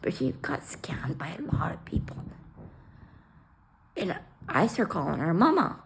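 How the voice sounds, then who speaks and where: A woman telling an emotional personal story bluntly, swearing and acting out the dialogue with sudden loud outbursts. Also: low-pitched, sing-song, a little slow, gravelly, whispered. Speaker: storyteller sharing her life.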